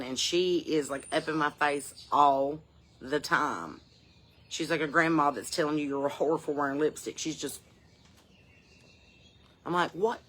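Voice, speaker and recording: A woman chatting casually in a rambling vlog, salty and profane, telling stories in a down-home way and sometimes dropping to a soft murmur. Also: sits low. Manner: drops to a soft murmur at times. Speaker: touring musician and vlogger.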